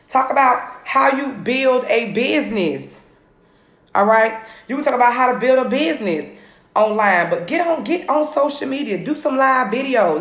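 A woman, coaching viewers on a live phone video from home, energetic and repeating her points. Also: a little high. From Atlanta area, US. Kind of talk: live social media coaching. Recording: roomy phone recording.

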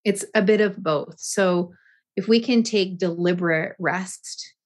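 A woman with a somewhat low voice talks through her ideas in a podcast interview. She is reflective, restarting phrases as she searches for the right words. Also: unhurried. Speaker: guest yoga teacher.

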